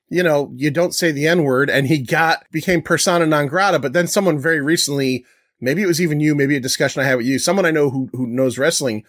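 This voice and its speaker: A man's voice: a little high, a bit bright, no room sound, clean studio sound. A man hosting a podcast, chatting in a laid-back, rambling way. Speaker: podcast host. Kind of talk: casual chat.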